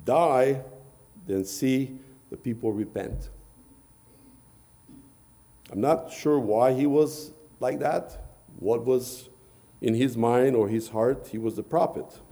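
A man's voice: lowish voice, dark tone. A man preaching a sermon, retelling scripture in archaic phrasing and often repeating words.

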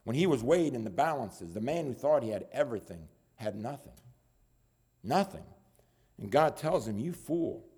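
A man preaching a sermon, dropping to low murmurs and then rising into loud appeals. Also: animated, normal speed, husky.

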